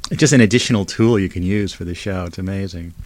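A man's voice: on the low side, fast, a little mellow, no echo. A man in his fifties from New Jersey, hosting a solo podcast and talking in a chatty, digressive, nostalgic way into a condenser mic. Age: 50s. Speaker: podcast host. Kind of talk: rambling solo monologue. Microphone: condenser mic through a mixer.

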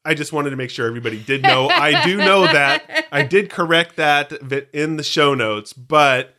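A man co-hosting a podcast, talking in a loose, rambling and jokey way. His voice is bright and his pitch moves around a lot. It sounds like easy banter between friends. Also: sing-song, normal speed. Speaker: podcast co-host. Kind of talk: casual chat.

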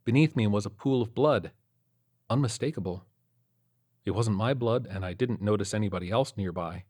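A man's voice: on the low side, moderate pace, a little mellow, husky. A man narrating a first-person horror story, with a tense, suspenseful delivery.

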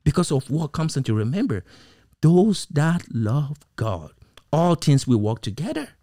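A man's voice: a little high, big pitch swings, measured pace, mellow. A man preaching a sermon, stretching out key words and firing off rhetorical questions. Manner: emphatic, repetitive rhetorical questions, occasional laughs.

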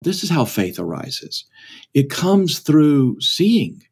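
A man's voice: a little high, sing-song, slow pace, gravelly, breathy edge. A man, a pastor and author, telling a story earnestly and acting out its voices as a podcast guest. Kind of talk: storytelling talk.

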